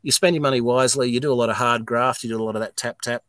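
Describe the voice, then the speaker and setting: A man's voice: mid-range voice, rapid-fire, dry recording. Blunt, swearing Australian man. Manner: blunt, swearing, animated storyteller. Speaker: distillery owner, interview guest. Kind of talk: casual podcast interview.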